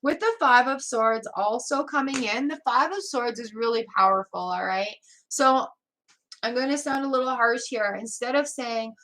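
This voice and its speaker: A woman's voice: a little high, moderate pace, a bit bright. A woman giving a live tarot reading, chatting casually and laughing often. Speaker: tarot reader.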